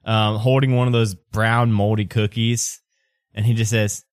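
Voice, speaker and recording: A man's voice: lowish voice, little pitch movement, a little slow, smooth, no room sound, clean studio sound. A man narrating as game master in a casual way, laughing often.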